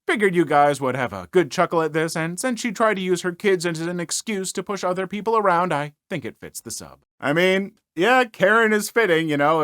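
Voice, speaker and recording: A man's voice: on the high side, fairly bright tone, dry recording, studio quality. A man narrating stories aloud and giving chatty commentary full of fillers. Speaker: story narrator. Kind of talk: reading stories aloud and reacting to them.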